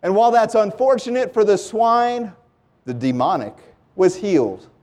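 A man preaching a sermon with passion, his voice climbing into loud pleading and dropping to hushed lows. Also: expressive, normal speed. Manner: impassioned, swings from loud pleading to low hushed.

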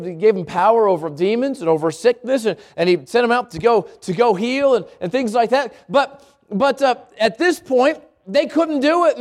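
A man preaching a sermon. He reads scripture aloud in a lower voice, often repeats words as he thinks, and asks the congregation questions. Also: darkish tone.

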